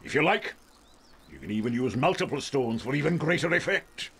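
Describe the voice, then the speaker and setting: A sly, husky old schemer. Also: male voice, mid-range voice, expressive, fairly quick, a bit bright, exaggerated voice. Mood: coaxing. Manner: coaxing, persuasive. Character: scheming older man, sly recruiter, wheedling. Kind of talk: video game voice acting.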